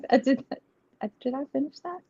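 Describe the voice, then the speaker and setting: A woman with a high-sitting, dark-toned voice hosts a live tarot reading stream, chatting casually and ramblingly while laughing often. The stream audio is dull and lo-fi.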